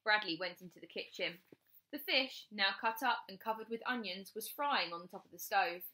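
With a mid-range voice at an ordinary pace, a woman teacher tells the story of a children's chapter book aloud, full of expression.

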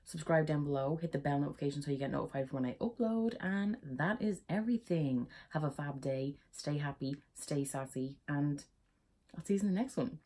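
Giggly Irish young woman with a husky voice. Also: sits low, a little fast, mellow. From Ireland. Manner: giggly and chatty, prone to laughing fits. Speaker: YouTuber. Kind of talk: casual vlog chat.

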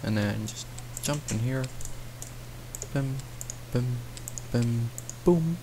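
Slow and mellow at medium pitch, this young man hosts a gaming channel and talks into his computer mic with slight background noise behind him. His casual let's-play commentary wanders, full of self-directed jokes and muttering to himself mid-game.

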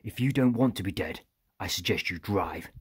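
A man voicing a cold, menacing soldier villain who threatens calmly. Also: low voice, moderate pace, husky, no echo, clean studio sound, heavily acted. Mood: cold menace.

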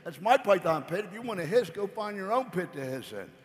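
A man's voice: high-pitched, big pitch swings, fairly quick. A man voicing a stern, possessive python mother who orders her son around, in an echoey hall. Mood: bossy. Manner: bossy.

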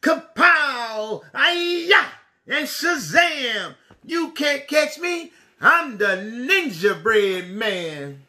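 A man voicing a boastful young ninja gingerbread man who shouts martial-arts cries in a storybook reading. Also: extremely high pitch, sing-song, very slow, heavily acted. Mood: cocky, shouting.

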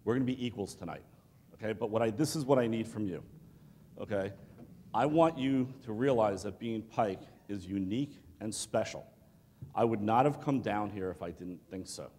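A man in his fifties giving an animated leadership talk to a student audience, telling stories and acting out the people in them. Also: lowish voice. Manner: animated storytelling with acted-out quotes. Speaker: motivational speaker. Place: large hall. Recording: long hall reverb.

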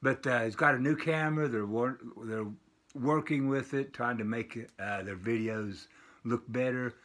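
An older man casually showing off a package of vinyl records, rambling with lots of filler pauses. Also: medium pitch, a bit bright. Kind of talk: casual unboxing vlog. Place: home with dogs barking nearby.

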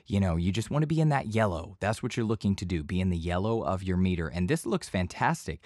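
Man, lowish voice, voice-over teacher, chatty and loose, dead-dry home booth. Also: quick pace, no echo. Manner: relaxed, talkative, repeats himself with fillers. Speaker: voice-over instructor. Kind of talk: casual tutorial explanation. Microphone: studio microphone.

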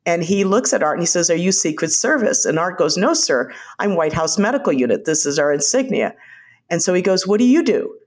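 Older woman guest, storyteller, lively anecdotes with quick quoted voices. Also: on the low side. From United States. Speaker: guest, former White House physician. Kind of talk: conversational storytelling.

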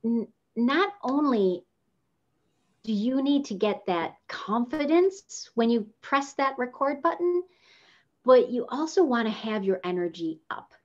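A woman coaching a workshop on video presence, talking casually and changing her pitch up and down to demonstrate intonation. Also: big pitch swings, measured pace, highs cut off. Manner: casual, with fillers. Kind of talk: teaching workshop.

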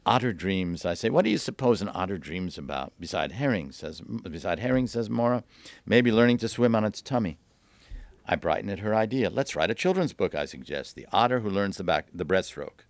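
A man reading aloud from his own novel at a bookstore event, lively, lifting his voice for the dialogue. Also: gravelly, no echo. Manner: lively, voices the dialogue with raised pitch and quick asides.

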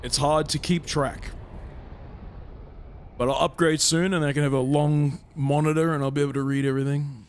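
A man's voice: on the high side, flat delivery, normal speed. A young man from California chatting casually with his live-stream audience, laid-back and talkative. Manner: laid-back, chatty, reads and answers chat. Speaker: game streamer.

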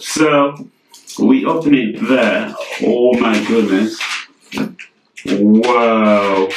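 A man's voice: medium pitch, recorded from a distance. A young man gushing through an unboxing vlog. He keeps exclaiming and repeating himself. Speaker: vlogger. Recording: echoey room, voice off mic, faint noise.

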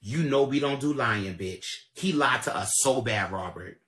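Man, AAVE, livestream rant, confrontational, repetitive, profane, mid-pitched voice. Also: lively intonation, moderate pace, fairly bright tone. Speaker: livestream commentator. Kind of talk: ranting livestream commentary.

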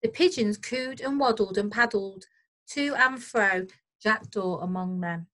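A woman teacher reading a storybook aloud to children, expressive and gentle, pausing to explain the story. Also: mid-range voice, poor audio. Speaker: primary school teacher.

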